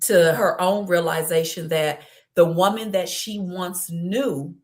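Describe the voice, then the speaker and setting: A woman's voice: lowish voice, slow. A middle-aged woman, a guest speaker, telling her story in an interview with heartfelt, building energy. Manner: heartfelt storytelling, rising with excitement. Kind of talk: conversational interview.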